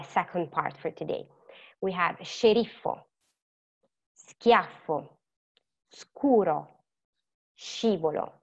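A woman's voice: fairly low pitch, highs cut off. Italian woman teaching a lesson. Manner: patient, repeats words slowly and quizzes the learner. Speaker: language teacher. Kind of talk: online lesson.

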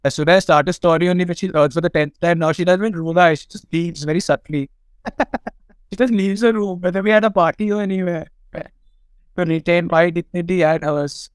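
A middle-aged man with an Indian English accent, a film director guest on a podcast, telling lively anecdotes, swearing freely and laughing often. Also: high-pitched, a little fast, clear, resonant tone, no echo, poor audio. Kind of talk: casual podcast storytelling.

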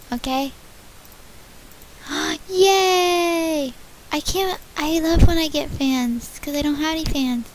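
A female channel host chatting excitedly and thanking viewers by name during a casual gift-opening vlog. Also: sits high, slight background noise, rough recording.

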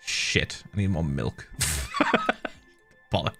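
Chill guy gaming and chatting, lowish voice, kinda bright, faint music behind. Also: huge pitch swings, very slow. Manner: laid-back, chuckling, hums to himself. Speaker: streamer. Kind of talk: casual chat while gaming.

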